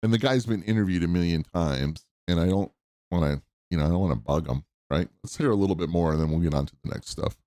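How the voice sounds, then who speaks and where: A podcast host in his fifties speaks quickly in a low, warm voice, recorded in a clean studio with no echo. He chats casually and enthusiastically about clips, rambling a little and restarting sentences.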